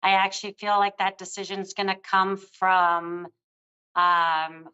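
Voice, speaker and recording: A woman's voice: medium pitch, monotone, slow pace, sharp tone, clear, resonant tone, highs cut off. An older woman giving a psychic reading on a live show, speaking in a soothing, affectionate way to a caller. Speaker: psychic reader.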